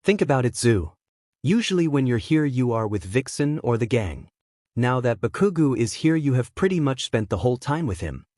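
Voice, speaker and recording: A man's voice: mid-range voice, sing-song, normal speed, a little mellow, no echo, studio quality. A man voicing a teasing young male assassin friend in a read-aloud fan story.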